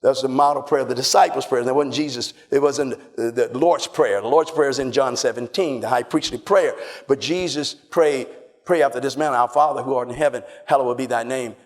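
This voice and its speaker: A man preaching a sermon, emphatic and repetitive, often shouting and calling on the congregation to respond. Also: mid-range voice, brisk.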